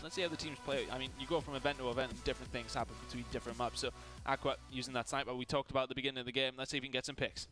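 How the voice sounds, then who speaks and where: Fast-talking male esports color commentator. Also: medium pitch, fairly even intonation, over music. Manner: quick analytical color commentary.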